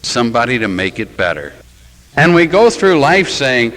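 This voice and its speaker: A man's voice: mid-range voice, very animated, moderate pace, fairly bright tone, poor audio. A man who is a Catholic priest, preaching a sermon in a church with rhetorical questions and wry, self-mocking asides.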